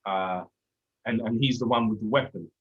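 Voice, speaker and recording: A man's voice: lowish voice, normal speed, breathy edge. A man in his thirties from London with a Cockney accent, a former police officer talking earnestly and reflectively in a casual discussion. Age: 30s. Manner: earnest, reflective, with frequent restarts. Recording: dull lo-fi audio.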